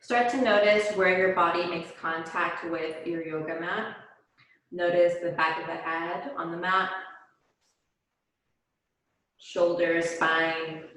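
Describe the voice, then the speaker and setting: A woman yoga instructor guiding a class, giving slow, calm, soothing cues with pauses. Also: lowish voice, a little hiss or hum. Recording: very echoey room.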